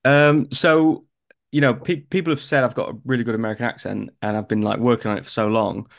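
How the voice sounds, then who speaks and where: A young man from northern England with a Northern English accent, an actor chatting in an interview and telling stories in a lively way. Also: mid-range voice, quick pace, creaky. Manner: chatty, animated storytelling. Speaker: actor guest. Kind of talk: casual interview chat.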